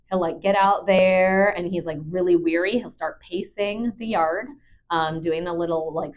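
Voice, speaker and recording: A woman's voice: lowish voice, lo-fi sound. A young woman, a dog trainer, chatting casually and bubbly with many fillers into a clip-on mic. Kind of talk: casual vlog chat.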